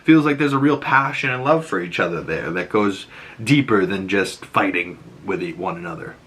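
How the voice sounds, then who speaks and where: A man's voice: deep voice, animated, normal speed, a bit bright. A man in a casual, rambling recap of a show's episodes, retelling scenes with lots of filler words. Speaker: YouTube reviewer.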